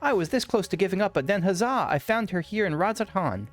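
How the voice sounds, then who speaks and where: A man's voice: high voice, animated, brisk, soft background music, pitched above the performer's own voice. A man reading as a lovesick secret admirer. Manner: earnest, melodramatic reading of game dialogue. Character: lovesick devoted male admirer, secretive stalker.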